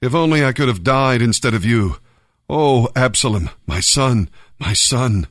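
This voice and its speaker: A man's voice: medium pitch, expressive, a little slow, a bit bright, dry recording, studio quality. A man reading the cries of an old king mourning his son, in a sorrowful way. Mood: grieving.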